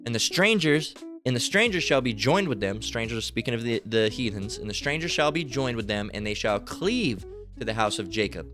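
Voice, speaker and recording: A man's voice: medium pitch, animated, fairly quick. Man, fiery preacher, cursing and emphatic, scripture readings, "all right?" asides, faint music behind. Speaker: street-style preacher.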